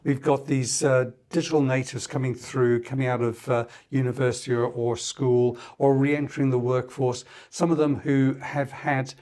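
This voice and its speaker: A man's voice: medium pitch, level tone, moderate pace, hardly any pauses, darkish tone. A man hosting a conversational podcast with an ordinary mid-range voice. He affirms his guest's points and follows with reflective questions about leadership. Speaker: podcast host.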